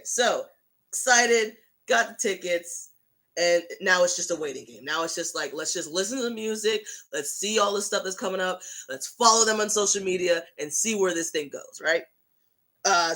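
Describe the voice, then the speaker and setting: A fan with a medium-pitched voice hosts a casual livestream. They tell a rambling, self-mocking story in an animated way.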